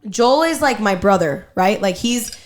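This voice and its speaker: A young woman hosting a podcast, telling a family story in a casual, animated way and swearing freely. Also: mid-range voice, unhurried. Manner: animated, profane storyteller, quotes herself and others. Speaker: podcast host.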